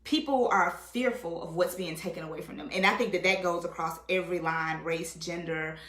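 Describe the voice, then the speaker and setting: Animated woman, low voice, echoey room. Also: brisk. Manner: animated, acts out quotes, says "right?" often. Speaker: guest. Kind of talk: casual conversation.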